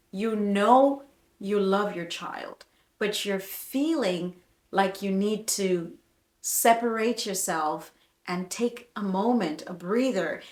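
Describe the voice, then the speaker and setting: A woman's voice: medium pitch, echoey room. A woman nurse giving chatty, emphatic health advice straight to the viewer in a casual vlog.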